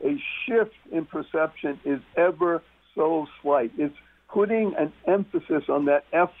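A man's voice: on the high side, measured pace. A man talking as a guest on a talk radio show, emphatic and repeating key words for stress. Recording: muffled phone-line radio sound.

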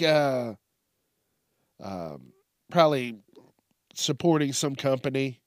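A man's voice: mid-range voice, lively intonation, takes it slowly, pauses often, no room sound, clean studio sound. A young man ranting profanely and sarcastically while hosting a casual news commentary podcast. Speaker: podcast host.

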